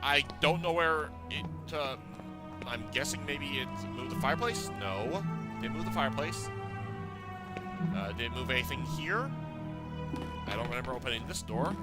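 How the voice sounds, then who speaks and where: A man's voice: medium pitch, lively intonation, moderate pace, pauses often. A young man talking his way through a game, rambling and correcting himself, with game music playing. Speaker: gamer playing a game on video. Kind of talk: let's play commentary.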